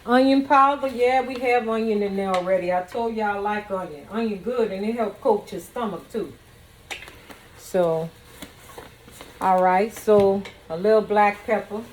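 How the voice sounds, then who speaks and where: A woman's voice: medium pitch, measured pace, slight background noise. A woman cooking in her home kitchen, chatting playfully and talking straight to her viewers. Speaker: home cook and vlogger. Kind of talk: casual cooking demonstration.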